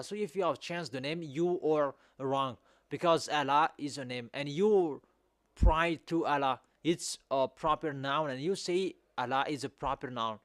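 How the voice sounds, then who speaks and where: A man preaching a sermon in non-native English, repeating his points with emphasis and rising to loud exhortation. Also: fairly high pitch, no echo, studio quality.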